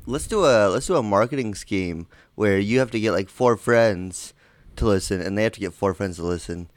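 A man's voice: on the low side, moderate pace, dry recording. A man from Michigan co-hosting a movie podcast, silly and playful in casual chat. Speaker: podcast co-host.

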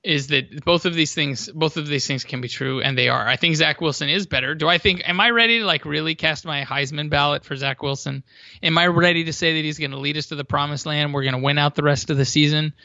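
Bright-voiced guy rambling on a sports podcast, dull dry lo-fi sound. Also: fairly high pitch, steady tone, quick pace, vocal fry, dry recording. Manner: chatty, rambling, restarts mid-sentence. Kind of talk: casual chat.

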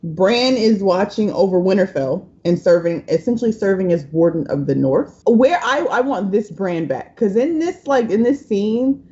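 A woman's voice: mid-range voice, animated, normal speed, hardly any pauses, dark tone. A woman hosting a podcast in casual chat, recapping scenes and quoting lines as she goes. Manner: chatty, recaps scenes with quoted lines, laughs easily. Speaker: podcast host. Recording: dull lo-fi podcast audio.

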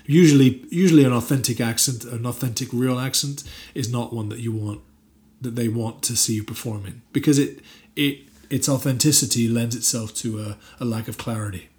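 A man's voice: medium pitch, brisk, hardly any pauses, darkish tone. A man being interviewed as an actor, chatting casually with many fillers and restarts and bursts of emphatic enthusiasm. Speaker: actor guest.

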